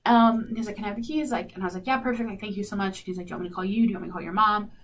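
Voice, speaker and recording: A woman's voice: medium pitch, racing. Young female radio host, chatty storyteller, plays out her quotes, a little distant from the mic. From South Dakota. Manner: animated, lots of "like", acts out quoted dialogue. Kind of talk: casual storytelling. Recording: faint noise, slightly distant mic.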